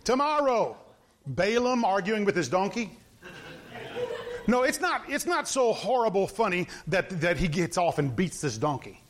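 A man's voice: high voice, sing-song, a little slow. A middle-aged man preaching an informal sermon, telling stories with gusto, acting out the characters and laughing at them.

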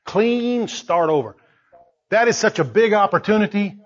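A man preaching a sermon, emphatic and repetitive, swinging between soft asides and loud exclamations. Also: high-pitched, animated, normal speed, dull audio.

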